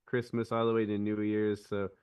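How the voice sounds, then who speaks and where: A man's voice: on the low side, completely flat delivery, normal speed, a little mellow, far from the mic, a little hiss or hum. A man on a podcast, chatting casually and retelling a film scene with many restarts. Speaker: podcast co-host. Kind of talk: casual chat.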